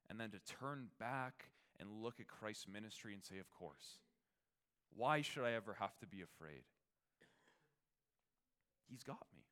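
Guy giving a christmas sermon, chatty with lots of ums, then gets loud and soaring. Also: lowish voice. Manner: swings from hushed reflection to loud, soaring proclamation; conversational asides, fillers and restarts. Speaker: preacher.

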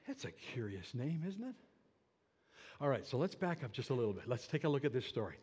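A middle-aged man preaching a sermon, swinging from hushed asides to emphatic declarations and asking the congregation questions. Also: medium pitch, big pitch swings, brisk, slightly rough. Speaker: pastor.

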